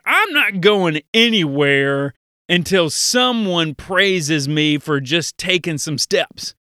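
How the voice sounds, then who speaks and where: A young man giving a lively, playful Bible lesson to children, talking straight to his audience. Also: on the high side, no room sound, clean studio sound.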